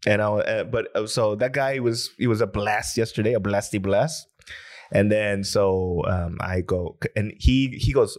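A man's voice: on the low side, unhurried. A man co-hosting a podcast, chatting casually and teasing his co-host with jokes. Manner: joking, teasing banter with laughs. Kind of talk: casual chat.

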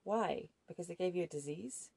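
A woman's voice: lowish voice, normal speed, vocal fry, a little mellow, husky, dry recording, full character voice. A woman reading an audiobook voices a defiant, demanding young woman captive with an insistent, confrontational manner. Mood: angry pleading.

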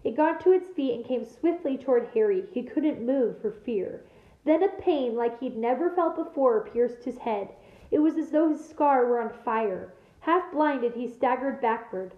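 A woman teacher reading a novel aloud to her class with steady, expressive storytelling. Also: a little high, unhurried, echoey room, narrow, tinny audio.

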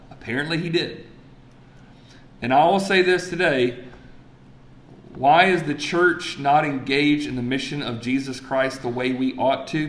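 A man preaching a sermon, telling stories with lively energy and dropping to quiet emphasis. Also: a little high, echoey room. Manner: animated storytelling, swings from loud excitement to quiet emphasis. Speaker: pastor. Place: church sanctuary.

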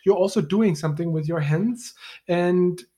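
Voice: mid-range voice, normal speed, warm tone. A podcast host with a German accent, teaching a language lesson patiently and step by step. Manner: patient, explains step by step with fillers.

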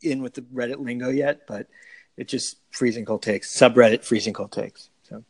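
A man co-hosting a casual sports podcast, talking in an animated way with quick restarts and laughs. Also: mid-range voice, creaky, husky. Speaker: podcast co-host.

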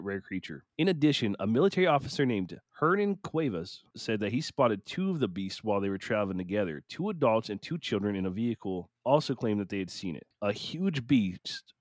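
A man's voice: on the low side, no room sound, clean studio sound. Laid-back joking male podcast host. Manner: laid-back, joking, laughs often, stumbles over hard words. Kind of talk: casual podcast chat, reading accounts aloud.

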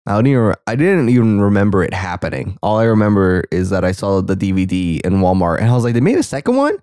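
A man's voice: low-pitched, quick pace, darkish tone, smooth, no echo, studio quality. A young man giving casual, sarcastic commentary while watching a movie, full of joking asides.

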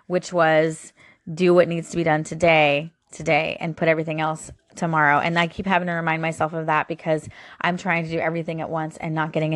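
Low-voiced woman giving chatty devotional talk. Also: a bit bright, dry recording, studio quality. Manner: chatty and openly emotional, with frequent fillers. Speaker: host of a daily encouragement show.

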